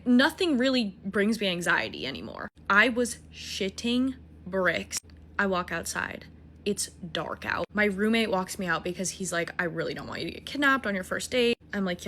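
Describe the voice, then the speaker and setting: A woman in her twenties casually telling a dating story, animated, swearing and mocking herself. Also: medium pitch, slight background noise. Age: 20s.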